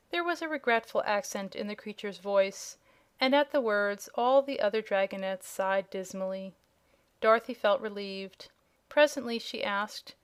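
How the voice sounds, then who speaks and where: A woman narrating a children's fantasy audiobook in an even, unhurried storytelling manner. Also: medium pitch, clear, resonant tone.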